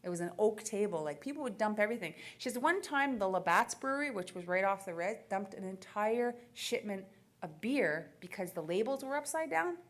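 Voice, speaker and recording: Woman speaker, animated storyteller, mid pitch, laughs often, acts out quoted lines. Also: brisk. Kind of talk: storytelling keynote talk.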